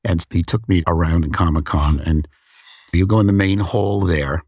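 Male interview host, deep husky voice, calm and reflective. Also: moderate pace, no room sound, studio quality. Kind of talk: conversational interview.

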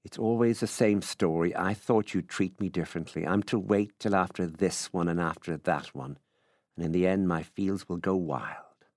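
A man's voice: low voice, moderate pace, darkish tone, no echo, clean studio sound, close to an everyday voice. A man voicing a cross Irish woman landowner. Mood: impatient. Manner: curt, cross, impatient. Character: impatient middle-aged woman landowner living alone. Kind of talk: literary reading.

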